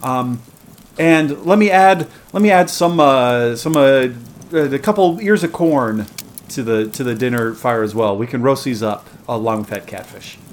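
A man's voice: mid-range voice, measured pace, close to an everyday voice. A man voicing a naive young farmer with a drawl, hesitant and stammering. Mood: polite.

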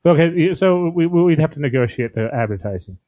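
A man hosts a casual podcast, stammering and repeating words as he pitches ideas. His voice comes through a dull, lo-fi mic with a dry, close sound. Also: expressive, quick pace, no room sound. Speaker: podcast host.

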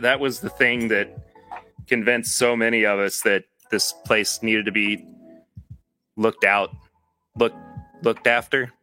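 A man's voice: medium pitch, sharp tone. A man hosting a podcast, chatting casually with live viewers. He says he is tired, and he rambles and corrects himself often. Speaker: podcast host.

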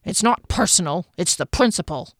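Woman voicing a gruff grumbling dwarf. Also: fairly low pitch, animated, normal speed, no echo.

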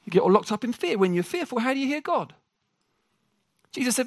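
A man preaching a sermon to a congregation. He jokes with the room and talks in an animated way. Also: high-pitched, normal speed, long pauses, breathy edge, no room sound, studio quality.

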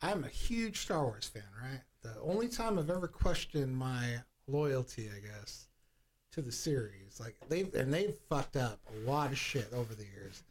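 A man's voice: mid-range voice, normal speed. A man co-hosting a podcast, chatting casually and animatedly, swearing often and acting out lines as he retells a story. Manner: animated, profane storytelling, acts out movie lines. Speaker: podcast co-host. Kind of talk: casual chat.

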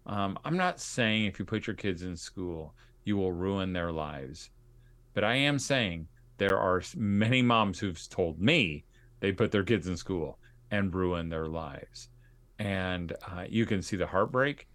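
A man's voice: deep voice, animated, measured pace, fairly bright tone. A man hosting a podcast, telling stories in an earnest, conversational way to his listeners. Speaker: podcast host. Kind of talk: casual podcast monologue.

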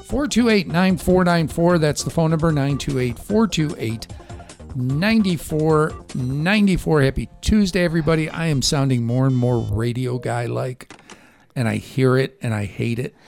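A man's voice: on the high side, a little slow, creaky, a little mellow, soft background music. A man with a Chicago accent hosting a radio show from a studio, chatty and self-deprecating. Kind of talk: casual talk radio banter. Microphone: studio microphone.

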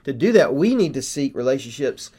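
A man in a casual podcast conversation with a middle-pitched voice. He talks earnestly and builds his explanation point by point. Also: sing-song, a little fast, warm tone. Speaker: podcast host. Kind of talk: casual faith podcast discussion.

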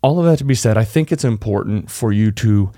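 A man's voice: on the low side, expressive, fairly quick, mellow, no echo, clean studio sound. A man from Texas with a Texan accent, hosting a solo podcast and coaching listeners directly in a conversational way. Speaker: podcast host. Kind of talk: solo podcast tips talk.

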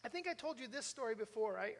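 With an extremely high, animated voice and a quick pace, an older pastor preaches a conversational sermon to his congregation. He speaks earnestly and tells stories directly to them in a church sanctuary, where long hall reverb fills the recording.

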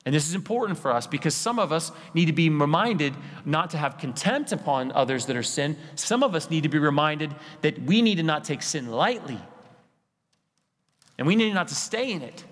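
A man's voice: fairly high pitch, a bit bright. A man preaching a sermon as pastor, in an earnest, pleading tone with repeated rhetorical lists. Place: church sanctuary. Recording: church hall with long reverb.

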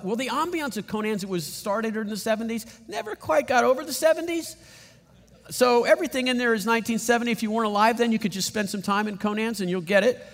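A middle-aged man preaching a sermon as pastor, telling stories in an animated, emphatic way. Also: sits high, in a large hall.

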